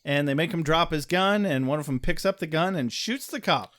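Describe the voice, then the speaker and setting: A man talks through an episode recap in casual chat, dry-humored and quick to swear. His voice sits a little higher than most men's. He sounds like a relaxed podcast co-host. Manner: sardonic, profane recapping.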